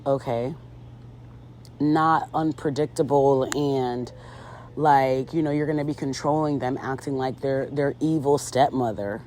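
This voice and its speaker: A woman's voice: very deep voice, steady tone, a little slow, a little mellow, slight background noise. A woman recapping a reality show in casual commentary, sassy and chatty with lots of fillers, talking to her viewers as girl and ladies.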